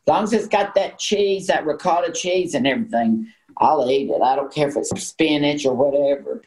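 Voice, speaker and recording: A woman's voice: deep voice, moderate pace, darkish tone, poor audio. A woman in her sixties with a Southern American accent, a guest telling folksy stories in casual chat. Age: 60s. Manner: folksy storyteller, says honey. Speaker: guest, actress and singer.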